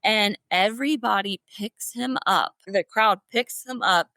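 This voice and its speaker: A middle-aged woman, a podcast guest, telling stories in an animated, expressive way. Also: mid-range voice, unhurried, no echo. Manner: animated, expressive, often laughing. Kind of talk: emotional storytelling.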